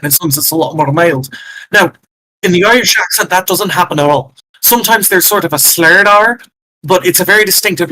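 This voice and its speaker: A man's voice: on the high side, sharp tone, no room sound, low-quality recording. A man playing in a tabletop game, chatting casually in a rambling way full of fillers. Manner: rambling, many fillers like "like" and "sort of". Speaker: player. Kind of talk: casual chat.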